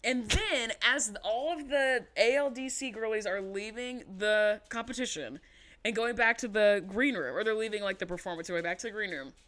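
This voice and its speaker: A young woman co-hosting a podcast, recapping a reality show in casual chat, sarcastic and animated, swearing freely and mimicking people. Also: a little high, moderate pace, a little hiss or hum. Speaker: podcast co-host.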